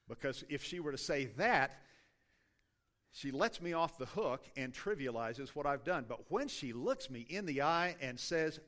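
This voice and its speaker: A man's voice: on the high side, big pitch swings, normal speed, a bit bright. Man preaching a conversational sermon. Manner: self-deprecating, conversational preaching with restarts. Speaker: pastor.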